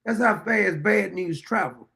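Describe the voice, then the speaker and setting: A middle-aged man holds forth in a blunt, rambling rant as host of his own show. His voice sits high for a man and carries a gravelly rasp, and he keeps circling back to the same points like a preacher. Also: unhurried, bright, forceful tone. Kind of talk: opinionated monologue.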